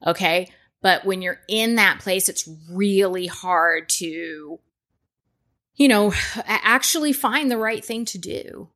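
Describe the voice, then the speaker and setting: A woman hosts a casual podcast, speaking in a middle-pitched voice. She sounds earnest and reassuring, often restarting her sentences and checking in with her listeners as she goes. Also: slow, fairly bright tone. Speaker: podcast host.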